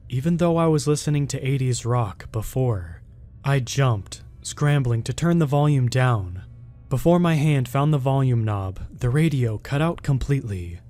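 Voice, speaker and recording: A man reading a first-person scary story aloud in a steady, measured way. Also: medium pitch. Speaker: horror story narrator.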